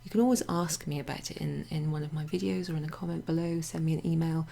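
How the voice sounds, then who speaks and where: A woman teaching a casual French grammar lesson to her club members, chatty and relaxed, with many fillers and asides. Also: sits low, fast, gravelly. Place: home near a greenhouse.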